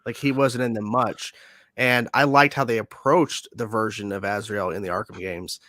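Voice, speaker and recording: A man co-hosting a casual pop-culture chat show, excitable, laughing and swearing, often repeating himself. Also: on the low side, normal speed, no echo. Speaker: co-host.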